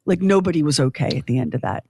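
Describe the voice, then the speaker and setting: A woman's voice: deep voice, animated, fast, vocal fry, dark tone, slightly rough, dry recording, clean studio sound. A woman in her fifties hosting a podcast, chatting casually with tangents and self-deprecating humor. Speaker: podcast host.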